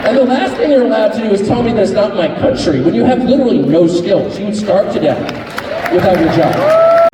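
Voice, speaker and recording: A man's voice: high voice, huge pitch swings, fairly quick. A man giving a joking, sarcastic speech to a live audience, mimicking his opponents. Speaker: speaker at a live event. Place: large hall with audience. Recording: echoey hall recorded from far off with crowd noise. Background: crowd laughter and hall noise.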